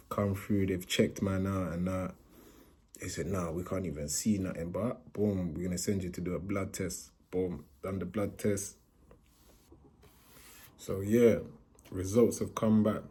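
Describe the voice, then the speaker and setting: A man's voice: low voice, mellow, slightly rough. A young man with a London accent telling a story in a casual, slangy storytime vlog and acting out the voices he quotes.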